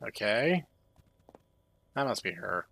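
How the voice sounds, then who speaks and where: A young man doing sarcastic, deadpan commentary while playing a horror game. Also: lowish voice, slow, vocal fry. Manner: deadpan, dry sarcastic asides. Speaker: game streamer. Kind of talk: sarcastic let's-play commentary.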